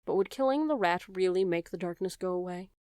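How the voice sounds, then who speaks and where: A woman narrating a children's audiobook in a measured, expressive storytelling manner. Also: lowish voice, clear, resonant tone, dry recording.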